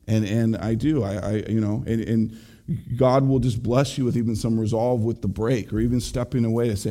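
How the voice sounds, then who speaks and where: A middle-aged pastor delivers an earnest sermon in a relaxed, conversational way, talking straight to his listeners. His voice is mellow and dark, sitting at an ordinary pitch for a man. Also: normal speed. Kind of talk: sermon on marriage.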